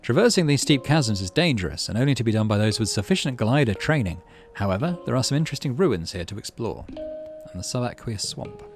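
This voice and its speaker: A man's voice: medium pitch, very animated, fairly quick, few pauses, soft background music. A man hosting a game playthrough, reading the game's text aloud and thinking through choices. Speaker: gaming channel host.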